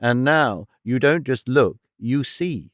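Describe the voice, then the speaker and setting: A man doing a crisp, decisive detective. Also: mid-range voice, expressive, slow pace, fairly bright tone, no echo, studio quality.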